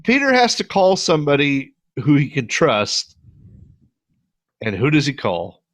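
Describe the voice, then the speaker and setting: A middle-aged man co-hosting a podcast, casually and profanely retelling movie scenes with lively voices. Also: a little high, measured pace. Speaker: podcast co-host. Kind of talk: casual movie review chat.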